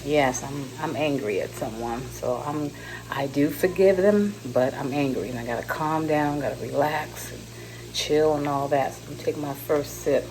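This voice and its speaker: Low-voiced chatty woman from California. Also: normal speed. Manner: chatty, rambling, self-laughing. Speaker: vlogger. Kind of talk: casual chat to camera. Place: car, then home kitchen. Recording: car noise in background.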